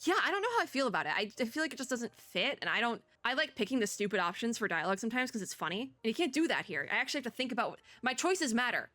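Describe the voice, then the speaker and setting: A woman's voice: a little high, sing-song, very fast, hardly any pauses, sharp tone, no room sound. A young woman streamer chatting and joking while reading game dialogue aloud in a let's play. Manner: chatty, joking, laughs often. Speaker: VTuber streamer.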